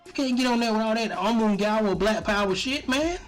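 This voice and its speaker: A man giving casual, profane commentary on his stream, animated and often breaking into laughter. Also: sits high, fairly quick, soft background music.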